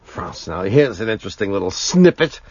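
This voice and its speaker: A man's voice: fairly low pitch, big pitch swings, brisk, darkish tone, slightly rough, dry recording. A man co-hosting a radio show, bantering and reading listener mail, often breaking into giggling laughter. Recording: dull lo-fi radio broadcast.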